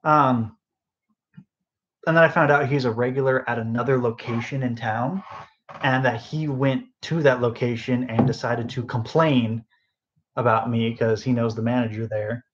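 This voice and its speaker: A man's voice: medium pitch, steady tone, normal speed, muffled recording, slight background noise. Rambling sleepy young man on a phone. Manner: rambling, lots of fillers and asides. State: sleep deprived. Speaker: podcast host. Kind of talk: casual rambling storytelling. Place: bedroom, phone on end table.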